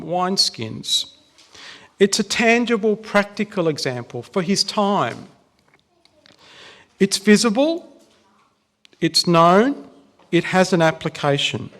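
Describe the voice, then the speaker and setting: A man's voice: high-pitched, a bit bright. A man with an Australian accent preaching a casual, chatty sermon in a church, joking with the congregation.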